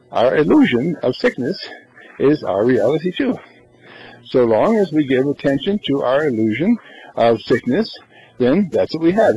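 A man's voice: mid-range voice, a little mellow, breathy edge, poor audio. A man giving an inspirational spiritual talk, who asks rhetorical questions and answers them himself. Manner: acts out little scenes in everyday voices. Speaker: spiritual lecturer.

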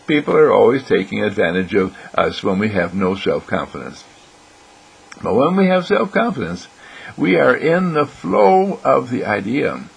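Older male motivational speaker, raspy fry, animated and playful delivery. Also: on the low side, normal speed, rough recording. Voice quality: gravelly, husky. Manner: animated, playful, acts out other voices. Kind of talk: inspirational monologue.

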